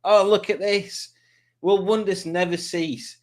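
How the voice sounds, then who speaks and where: A man's voice: high voice, steady tone, takes it slowly. A man, hosting a live stream, chatting casually and joking as he reads out viewers' comments. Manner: chatty, jokey, does silly voices for commenters.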